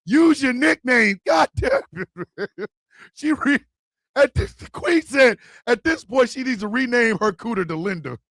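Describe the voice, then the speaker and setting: A man with a strikingly high, husky-edged voice hosts a comedic radio advice show, his pitch swinging widely as he rants. He's loud and profane, often bursting into shouts, with lively intonation and an unhurried pace.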